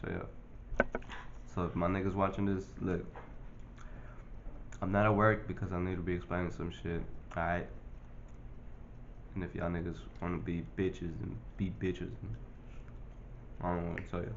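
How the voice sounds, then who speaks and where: A man's voice: low voice, level tone, normal speed, long pauses, highs cut off, background noise. Laid-back, profane young man vlogging. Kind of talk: casual vlog chat.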